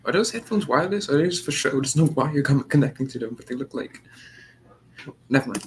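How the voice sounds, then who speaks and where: A man's voice: medium pitch, animated, fast talker, slight background noise, poor audio. A man hosting a reaction video, making sarcastic, mocking asides in casual commentary.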